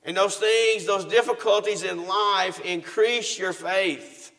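A preacher with a raised, gravelly voice delivers a sermon. He reads scripture aloud and puts questions to the congregation, then answers them himself. The long reverb of a church hall carries his words. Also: sits high, steady tone, takes it slowly, a bit bright.

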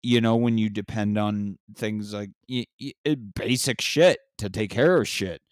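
A man's voice: on the low side, a little slow, clean tone, dry recording, studio quality. A man hosting a podcast in casual talk, blunt and swearing freely. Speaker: podcast host. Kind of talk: casual conversation.

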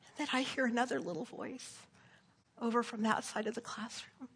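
A woman's voice: a little high, brisk, vocal fry, a bit bright, husky. A woman preacher giving an earnest sermon that tells a story and moves into prayer, often checking in with "right?". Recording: long hall reverb.

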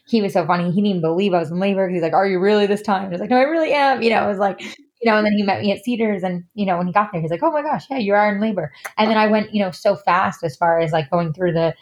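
A woman in her thirties, appearing as a podcast guest, tells a personal story candidly and chattily, leaning heavily on fillers like "like" and "you know." Her mid-range voice moves at a rapid-fire pace.

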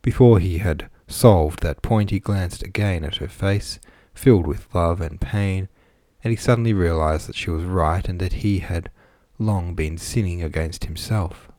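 An audiobook narrator with a deep, low male voice reads a classic novel in a measured, even way. The recording is dry and close-miked, with no room sound.

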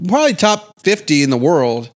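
Brief: male co-host, slightly high, lively pitch, easygoing joker. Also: normal speed. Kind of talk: casual podcast chat.

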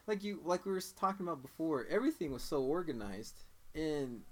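A man's voice: on the high side, animated, brisk. A young man in casual chat about films, rambling and restarting his sentences a lot. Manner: rambling, lots of fillers and restarts.

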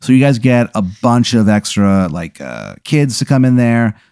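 A man hosting a comedy podcast, spinning an improvised story in a rambling, deadpan way full of fillers. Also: medium pitch, normal speed, smooth, no room sound, studio quality. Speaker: podcast host.

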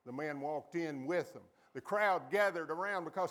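A man preaching a sermon as a pastor, calling on the congregation to repeat after him and acting out quoted voices with sudden high jumps in pitch. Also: moderate pace, hardly any pauses, a bit bright.

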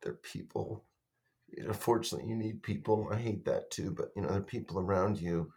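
A man in his fifties, a guest on a call, talking earnestly with halting restarts and repeated words. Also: low-pitched, creaky, mellow. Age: 50s. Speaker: guest survivor. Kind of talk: emotional interview talk. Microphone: video or phone call.

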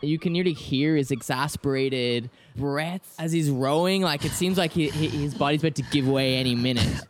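A man narrating scenes as game master in a tabletop game, in a relaxed, chuckling way. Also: on the high side, moderate pace, a little hiss or hum.

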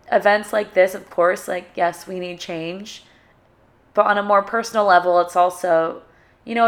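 A young woman hosts her own podcast, speaking alone at a middle pitch. She talks in an emotional, halting way, often stopping to search for the right words. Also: creaky. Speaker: podcast host. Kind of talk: solo podcast talk.

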